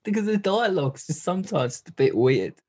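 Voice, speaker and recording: Lively, husky man bantering about a film. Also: high-pitched, fairly quick. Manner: laughs often, incredulous banter. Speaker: podcast co-host. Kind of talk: casual film discussion.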